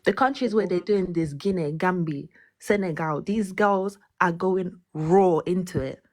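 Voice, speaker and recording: A woman caller speaking in an emotional, indignant and forceful way. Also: fairly low pitch, a little slow. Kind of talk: impassioned call-in statement.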